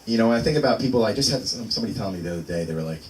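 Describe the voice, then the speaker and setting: Speaking very fast in a lowish voice full of lively intonation, a man in his thirties works an open mic set at a small venue. His delivery rambles, stalls on fillers, and doubles back on itself, and the far-off mic catches lots of room noise.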